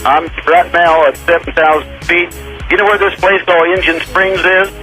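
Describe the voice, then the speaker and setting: A male radio caller with a fairly high, bright, ringing voice, phoning in from a small plane in the air. He rambles along, stopping and starting with plenty of "uh"s, never quite getting to the point. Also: steady tone, soft background music, rough recording. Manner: rambling, halting with many fillers. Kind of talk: phone-in call. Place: small aircraft in flight.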